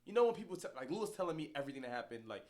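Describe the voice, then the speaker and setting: A man co-hosting a podcast, telling a story in casual chat, laughing and acting out quotes. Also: a little high. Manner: animated, laughing, quick storytelling with acted-out quotes. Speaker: podcast co-host.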